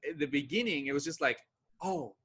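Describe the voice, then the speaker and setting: A man talking as a guest in a casual conversation, animated, acting out his own past thoughts. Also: a little high, a little fast.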